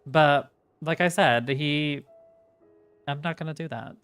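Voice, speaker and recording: A woman's voice: sits low, slow, clean tone. A woman livestreaming and chatting casually with her chat. She rants, swears and shoots her voice up when she is worked up. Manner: ranting, swearing, reacting to chat; animated, voice jumps up when worked up. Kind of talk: casual chat while streaming. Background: faint music.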